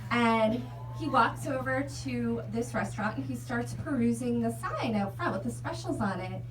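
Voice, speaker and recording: A young woman performing a stand-up comedy set on a club stage, telling stories with deadpan absurd tangents. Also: a little high, moderate pace. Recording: echoey club sound from a distance. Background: audience laughter.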